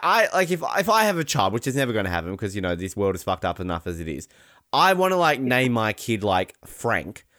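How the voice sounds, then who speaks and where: A man's voice: lowish voice, big pitch swings, brisk, fairly bright tone, dry recording, studio quality. A man hosting a podcast in casual comedic chat, rambling and joking with frequent laughter. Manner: rambling, jokey, laughs often, breaks into silly voices. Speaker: podcast host.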